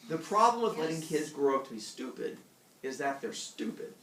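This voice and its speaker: A man's voice: fairly high pitch, big pitch swings, moderate pace, fairly bright tone, a little hiss or hum. Young guy teacher goofing around while lecturing, roomy classroom, mic far away. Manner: jokey, acts out animal characters in funny voices. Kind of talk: classroom lecture with playful storytelling.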